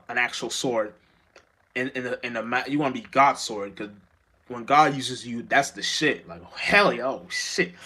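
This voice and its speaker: A man's voice: medium pitch, fairly bright tone. A man giving an unscripted spiritual monologue as a vlogger, rambling and profane, with many restarts and stammers.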